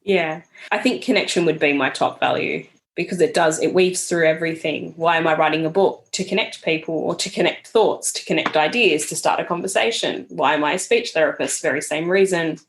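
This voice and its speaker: Young woman, podcast guest; slightly low, earnest, reflective storytelling delivery. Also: brisk, hardly any pauses. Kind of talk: casual conversational interview.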